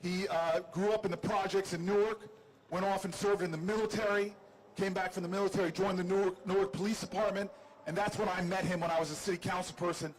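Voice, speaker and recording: Speaking fast in a high voice, a man who is a politician hosting a livestream jokes about himself while telling an animated, funny story to an outdoor crowd on building steps. The recording quality is low.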